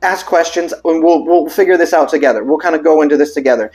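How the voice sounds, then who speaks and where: Vocal coach puzzling over terms aloud. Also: male voice, a little high, quick pace, darkish tone, faint music behind. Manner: reads text aloud then reacts with puzzled asides; breaks into sung vowel demonstrations. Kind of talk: casual explainer video.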